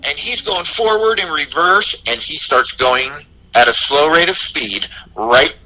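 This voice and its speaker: A man tells a rowdy story as a podcast guest, swearing freely and shouting out the lines he quotes. His voice is very bright and cutting. It jumps all over the place in pitch. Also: a little slow, rough recording. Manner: animated and heavily profane; acts out quotes in a raised voice. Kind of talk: casual storytelling.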